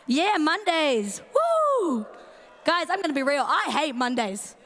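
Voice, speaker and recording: A woman's voice: high voice, fairly bright tone. Chatty New Zealand woman in echoing hall. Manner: playful, chatty, greets in Māori. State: strained voice. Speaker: youth leader. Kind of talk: youth camp talk. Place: large events centre stage. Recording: long hall reverb.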